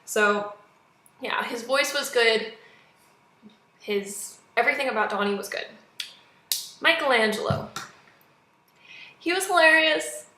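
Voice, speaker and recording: Young woman, casual vlog reviewer, chatty and animated, bright voice, echoey room. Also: fairly high pitch, slow, long pauses. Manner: chatty, animated, acts out quotes. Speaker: movie reviewer.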